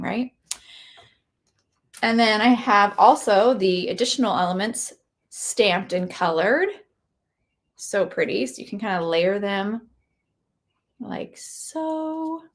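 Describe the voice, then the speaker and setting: A woman's voice: medium pitch, a bit bright. A woman doing a casual live walkthrough of craft products, chatty and enthusiastic, gushing over each item.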